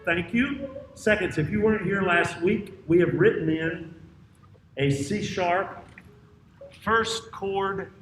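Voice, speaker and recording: A man directing a choir rehearsal, counting off, singing out parts and giving brisk instructions in a rehearsal room with a piano. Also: high voice, a bit bright, slight background noise. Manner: brisk counting and sung demonstrations. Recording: roomy, distant mic with piano.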